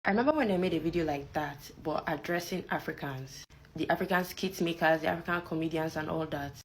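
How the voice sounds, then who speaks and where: A Nigerian woman with a Nigerian accent and a slightly low voice. She sounds exasperated and forceful, pressing her point hard. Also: fast talker, a little hiss or hum. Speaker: content creator. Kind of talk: opinion commentary.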